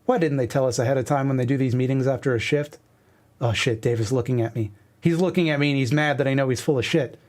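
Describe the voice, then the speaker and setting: A man's voice: mid-range voice, fast, darkish tone, close to an everyday voice. Man doing a sullen, fed-up young guy. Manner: sullen, muttering.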